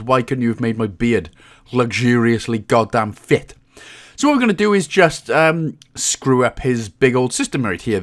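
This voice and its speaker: Lively, chatty Welsh man. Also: a little high. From Britain. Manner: chatty and joking, with frequent "um"s. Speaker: game walkthrough host. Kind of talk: casual gameplay commentary.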